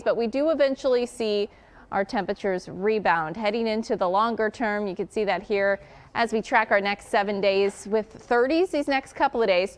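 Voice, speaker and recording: A woman's voice: medium pitch, clear, resonant tone. A woman meteorologist delivering a morning weather and traffic forecast in an upbeat, conversational way.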